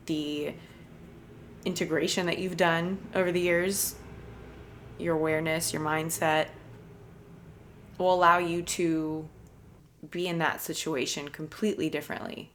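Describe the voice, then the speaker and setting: A woman hosting a podcast, telling a personal story in an earnest, soft-spoken, reflective way with light laughs. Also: on the low side. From United States. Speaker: podcast host.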